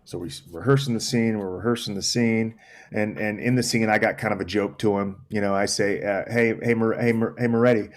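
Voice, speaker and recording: Speaking a bit fast in a low, steady voice, a Texan in his forties shares a story as a guest on a podcast. He voices other people's lines and repeats phrases to drive points home, keeping the chat casual.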